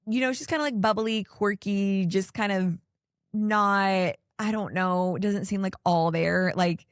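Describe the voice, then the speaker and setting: A woman's voice: lowish voice, clear, resonant tone, no echo, clean studio sound. Exasperated woman podcaster ranting. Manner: rambling, heavy on "like" and "I don't know". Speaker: podcast host. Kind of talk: casual reality TV recap chat.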